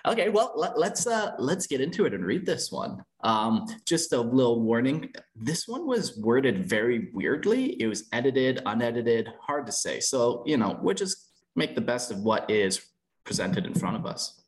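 A man's voice: mid-range voice, sing-song, normal speed. A young man hosting a podcast, swearing casually and stumbling over words while reading a story aloud. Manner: loose and profane, stumbles when reading. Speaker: podcast host. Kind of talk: casual chat and reading fan fiction aloud.

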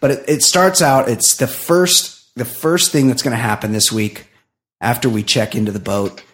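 A man casually recapping a reality show on a podcast, animated and quick to swear, acting out the people he quotes. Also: medium pitch. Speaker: podcast co-host.

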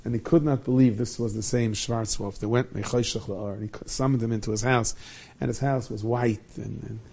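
A man telling a Hasidic tale in a lively way, dropping in many Yiddish and Hebrew words. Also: fairly low pitch, a little fast, vocal fry, breathy edge. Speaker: storyteller.

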